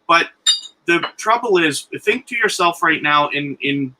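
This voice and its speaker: A man's voice: on the high side, expressive, measured pace, pushed and bright, low-quality recording. A man speaking earnestly as a guest on a live stream, giving encouragement and advice.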